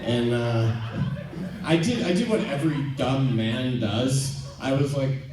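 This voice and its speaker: A man doing stand-up, telling a rambling, self-deprecating story with halting ums and restarts. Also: medium pitch, a little mellow. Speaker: stand-up comedian. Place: theater stage before a live audience. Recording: echoey venue from far off.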